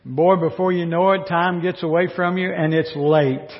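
A man's voice: a little high, fairly even intonation, moderate pace. A male pastor preaching a sermon in a wry, joking way, full of rhetorical questions. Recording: dull recording with long hall reverb.

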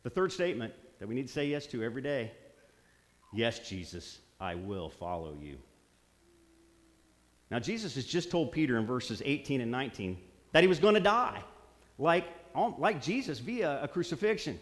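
A man's voice: fairly high pitch, sing-song, a little fast. A man preaching a sermon, earnest, repeating phrases for emphasis. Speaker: pastor. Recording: long hall reverb.

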